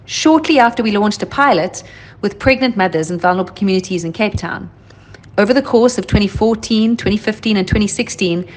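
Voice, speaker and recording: A woman's voice: mid-range voice, low-quality recording. Woman, formal voice-over. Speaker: organisation spokesperson. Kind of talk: scripted documentary voice-over.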